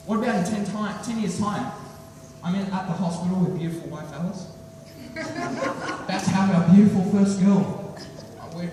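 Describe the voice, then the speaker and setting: A teenage boy performing a stand-up routine, telling a story with animated delivery and acting out lines. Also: high voice, a little hiss or hum. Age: teens. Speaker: student comedian. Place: school hall. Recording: echoey hall from far off.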